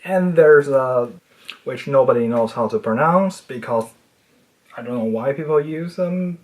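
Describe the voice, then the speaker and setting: Expressive and a little slow, this speaker gives a casual educational monologue on language with a nerdy, playful manner. The pitch swings widely, and phrases trail off quietly at the end.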